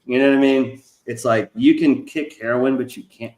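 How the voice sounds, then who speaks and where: Man on a stream panel, mid-pitched, easygoing agreement with casual cussing. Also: steady tone, moderate pace, darkish tone, echoey room, poor audio. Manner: agreeable, profane, lots of "yeah". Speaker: panelist on a livestream. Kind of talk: casual chat.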